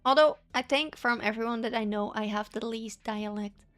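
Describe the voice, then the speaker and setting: Chatty woman with a higher voice. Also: moderate pace, fairly bright tone, faint music behind. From Netherlands. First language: Dutch. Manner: chatty, self-deprecating, laughs often. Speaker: streamer. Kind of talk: casual live-stream chat.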